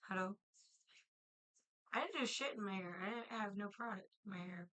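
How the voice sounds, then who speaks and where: A woman's voice: medium pitch, moderate pace, sharp tone, poor audio. A young adult woman chatting casually on a livestream, blunt and impatient, swearing freely as she talks to her viewers.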